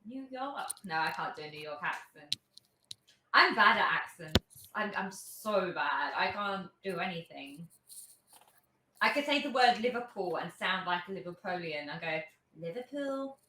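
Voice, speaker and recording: A woman's voice: fairly low pitch, animated, moderate pace, sharp tone, slight background noise. A woman hosting a tabletop game stream, chatting in a bubbly, giggly, rambling way. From United Kingdom. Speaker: host and game master. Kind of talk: casual stream chat. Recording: echoey room with faint music.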